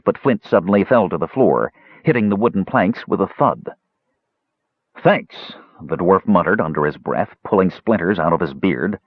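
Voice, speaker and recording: A man narrating a fantasy audiobook with expressive storytelling. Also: sits low, breathy edge, no echo, dull audio.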